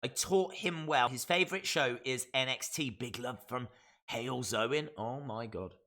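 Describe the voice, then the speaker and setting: A man with a Black Country English accent hosts a wrestling live stream in loose, chatty talk. His voice sits in an ordinary middle pitch but has a bright, forward edge, and his opinions are full of fillers. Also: moderate pace. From West Midlands, England. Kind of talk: casual live-stream chat, reading viewer comments.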